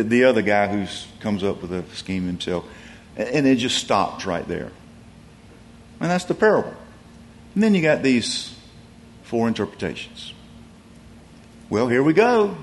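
Male preacher, lively pitch, chatty sermon delivery, frequent restarts. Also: unhurried, pauses often, a little hiss or hum. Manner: conversational, animated storytelling with many restarts.

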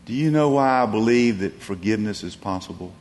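A man preaching a sermon, telling stories and swinging from emphatic peaks down to soft, low passages. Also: lively intonation, brisk, long reverb tail. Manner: storytelling, rising to emphatic peaks then dropping soft and low. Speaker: pastor.

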